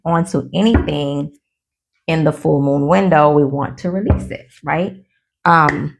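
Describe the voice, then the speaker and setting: A woman giving a casual tarot reading in a low voice with a gravelly, husky texture. She chats with her viewers and calls them y'all. She is giddy, laughs at herself and stumbles over her words. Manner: chatty, addresses viewers as y'all. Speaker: tarot reader.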